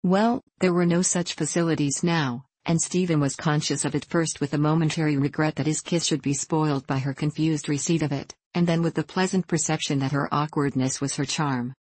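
A woman narrating a classic novel in a measured, even reading, giving the dialogue gentle voices. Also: sits low, breathy edge, no room sound, poor audio. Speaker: audiobook narrator.

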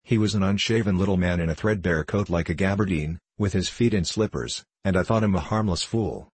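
A man reading a novel aloud as an audiobook narrator, in a measured and steady way. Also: low-pitched, husky, no room sound. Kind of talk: scripted storybook narration.

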